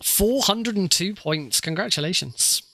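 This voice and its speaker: A male streamer gives casual commentary on his own gameplay. His voice sits a little high and sounds bright. He jokes about his mistakes and laughs easily. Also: lively intonation, a little slow, dry recording. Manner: chatty, self-mocking, laughs often.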